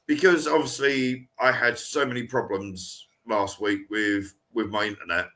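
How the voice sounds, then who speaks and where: A man talks in loose, rambling conversation as a podcast co-host. His tone is bright and forceful. He often restarts his sentences. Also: mid-range voice, fairly even intonation, a little slow. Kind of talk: casual chat.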